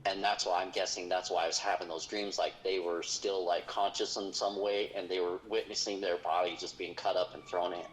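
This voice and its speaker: Halting low-voiced man telling a story. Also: flat delivery, slight background noise, low-quality recording. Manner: halting, full of restarts and fillers. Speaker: paranormal investigator. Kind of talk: storytelling in a conversation.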